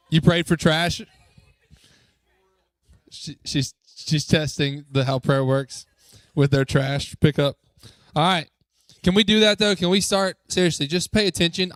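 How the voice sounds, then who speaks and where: Youth pastor guy, kinda high voice, joking and upbeat, dry close sound. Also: no room sound. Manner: upbeat, joking, coaxing the crowd with quick questions. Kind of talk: lively talk to a youth group. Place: church youth room.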